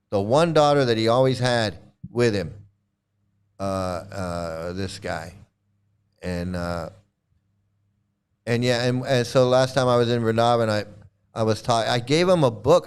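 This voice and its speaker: A man's voice: mid-range voice, smooth. A man giving casual video commentary, sarcastic and rambling with many restarts.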